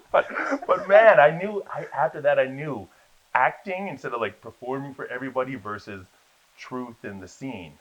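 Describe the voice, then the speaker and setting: A man telling lively stories about his acting career in a casual interview, acting out the people in them. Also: mid-range voice, moderate pace. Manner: animated storyteller, acts out voices in his anecdotes. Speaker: guest, actor. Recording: dull lo-fi sound.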